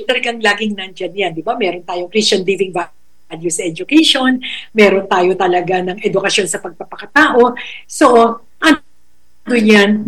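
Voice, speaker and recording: A middle-aged woman with a Filipino accent, a school educator giving a talk on raising children, slow and emphatic, switching languages, telling stories. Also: mid-range voice, poor audio. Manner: code-switching, storytelling, slow emphatic phrasing.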